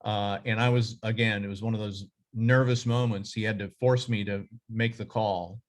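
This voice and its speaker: Rambling middle-aged man, low voice. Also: steady tone, moderate pace. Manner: rambling, many fillers and restarts. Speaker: journalism association director. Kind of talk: casual reflective talk.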